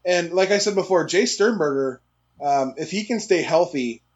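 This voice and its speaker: A man's voice: on the high side, expressive, normal speed, muffled recording. A man co-hosting a sports podcast who talks earnestly with plenty of hesitant fillers. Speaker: podcast co-host. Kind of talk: casual chat.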